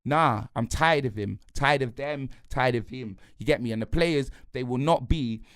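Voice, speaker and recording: A man's voice: medium pitch, moderate pace, a bit bright, clean tone, no room sound, studio quality. A man ranting angrily about his football team, in heavy slang. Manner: heated, slangy, repetitive, punctuates lines with "blood" and "fam". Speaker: football fan pundit. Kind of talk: angry football rant.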